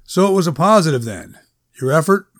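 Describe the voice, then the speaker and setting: An easygoing, wry man, as voiced by a male narrator who talks in a practical, breezy way. His voice sits a little high. The recording is dry and close. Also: lively intonation, brisk, fairly bright tone, no echo.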